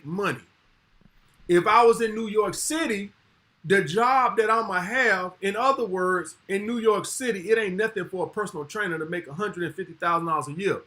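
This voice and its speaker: A man's voice: sits high, normal speed, bright, forceful tone. A middle-aged man in casual podcast chat, laid-back and blunt, heavy on slang. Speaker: podcast co-host.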